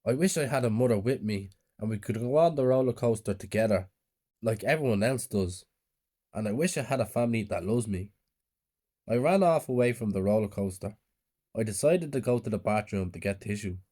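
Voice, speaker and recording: A man's voice: on the low side, animated, a little fast, warm tone. A man narrating a horror story in a subdued, plain storytelling way.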